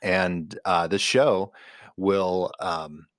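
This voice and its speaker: A man's voice: low voice, fairly even intonation, very slow, no echo, clean studio sound. A man co-hosting a podcast in casual chat, rambling and correcting himself as he eagerly recommends things. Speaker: podcast co-host.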